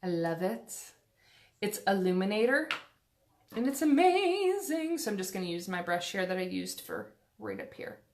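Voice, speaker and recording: A woman's voice: on the low side, expressive, moderate pace, slight background noise. A woman chatting through a casual makeup tutorial, rambling and self-deprecating with lots of fillers, recorded on a phone at home. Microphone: phone camera.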